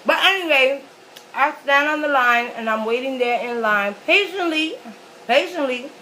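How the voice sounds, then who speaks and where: Woman, mukbang vlogger, bright voice, fairly high, rambling casual story. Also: lively intonation, moderate pace, slight background noise, poor audio. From New York City. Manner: chatty, rambling, lots of fillers. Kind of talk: casual storytelling while eating.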